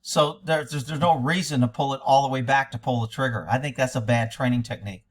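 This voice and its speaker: A man's voice: medium pitch, steady tone, fast talker. A man giving critical commentary on an interview recording, blunt, sarcastic and scornful, sometimes swearing. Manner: profane. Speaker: commentator reacting to interview audio.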